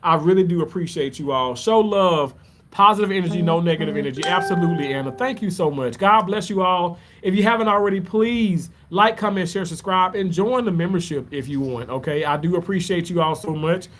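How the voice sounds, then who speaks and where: A man with a notably high-pitched voice talks loosely to his live-stream audience. He rambles in a heartfelt way and keeps circling back to thank his viewers. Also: fairly quick, fairly bright tone, a little hiss or hum. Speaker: livestreamer answering chat. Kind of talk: casual live stream chat.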